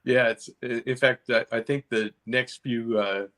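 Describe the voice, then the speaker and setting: A man talking as a guest in a relaxed chat, agreeable and unhurried, with frequent "uh" and "you know". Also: mid-range voice. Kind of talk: casual chat.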